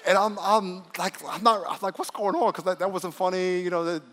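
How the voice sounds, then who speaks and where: A man preaching a lively sermon as pastor, acting out voices he quotes. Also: high-pitched, fairly quick. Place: church sanctuary. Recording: long reverb of a church hall.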